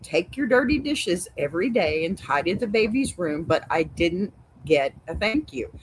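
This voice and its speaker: A woman's voice: fairly low pitch, moderate pace, a little hiss or hum, rough recording. Sassy Texan woman advice host. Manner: sassy, blunt, animated. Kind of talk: reading and reacting to advice stories. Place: home with a dog.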